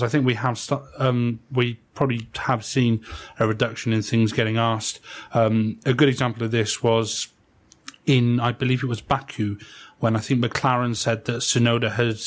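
A man hosting a casual panel discussion, speaking with many fillers and restarts. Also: mid-range voice. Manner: flat, hesitant, full of fillers. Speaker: podcast host.

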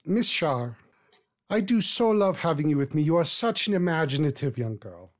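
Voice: medium pitch, very animated, normal speed, natural voice. A game master voicing a formal, gracious old woman over eighty with a put-on accent that wanders. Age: older. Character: elderly female labor organizer, over eighty, gracious.

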